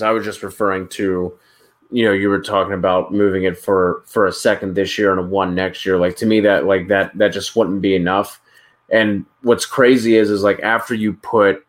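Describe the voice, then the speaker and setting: A man with a fairly low voice, co-hosting a fantasy football podcast. He rambles casually, stacking up fillers as he works through his thoughts. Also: fairly bright tone. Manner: rambling, lots of "like" and "you know". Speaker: podcast co-host.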